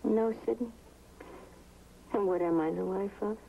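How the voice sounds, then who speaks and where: An actress playing an anxious, sharp-tongued wife who scolds her husband, in a 1960s TV drama. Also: mid-range voice, measured pace, gravelly, a little hiss or hum. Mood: scolding. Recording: dull old TV soundtrack.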